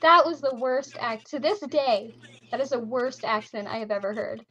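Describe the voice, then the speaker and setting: A woman co-hosts a casual chat. She tells her stories in an animated way and swears freely. Her voice is bright and high, and it comes through dull lo-fi audio. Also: moderate pace. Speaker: podcast co-host.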